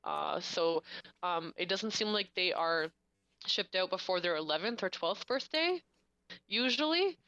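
A woman's voice: fairly low pitch, animated, a little slow, pushed and bright, clear, resonant tone, no echo, dull audio. A woman in casual chat, animatedly recapping a story plot for her co-host.

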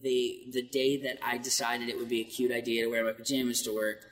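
A man's voice: mid-range voice, fairly quick, recorded from a distance. A man, a voice actor, telling stories in an interview with lots of laughter. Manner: animated, laughs often. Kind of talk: casual interview storytelling. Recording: echoey hall with faint noise.

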